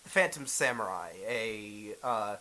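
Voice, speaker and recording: Male GM, mid-pitch, relaxed and halting. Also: a little hiss or hum, poor audio. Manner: relaxed, hesitant, many fillers. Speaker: game master. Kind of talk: narrating a tabletop role-playing game.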